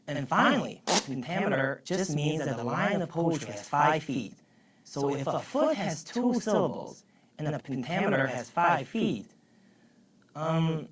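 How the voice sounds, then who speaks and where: A woman's voice: deep voice, slight background noise, pitched below the performer's own voice. A woman explaining a lesson in a chatty, upbeat teaching manner. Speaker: explainer on the show. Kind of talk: educational explanation. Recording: echoey and distant.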